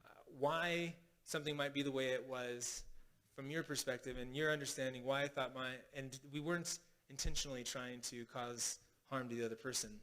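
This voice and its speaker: A man's voice: mid-range voice, steady tone, fairly quick, a bit bright, clean tone. A man preaching as pastor in a casual teaching style, often restarting phrases and checking in with "right?". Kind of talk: sermon teaching. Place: congregation hall.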